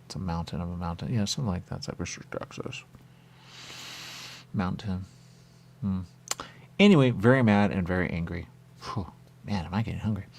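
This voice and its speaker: A man with a deep, low-pitched voice and a gravelly, fry-laden texture hosts a radio talk show. He rambles in a meandering monologue, circling back over the same phrases as he muses aloud. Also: brisk, pauses often, a little mellow, a little hiss or hum. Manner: repetitive, meandering, musing aloud.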